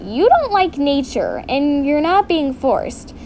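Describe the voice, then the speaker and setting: A woman's voice: high-pitched, big pitch swings, slow pace, a little mellow, slight background noise, exaggerated voice. Woman doing an irritable huffing mother. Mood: huffy. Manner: huffy, suspicious.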